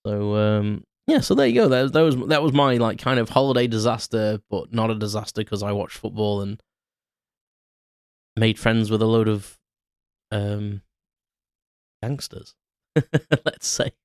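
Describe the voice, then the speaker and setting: With a measured pace and frequent pauses, a British podcast host in his thirties rambles through an unplanned story, restarting and using plenty of fillers. His voice is lowish and a little mellow, and the close-mic recording is dry and studio-grade.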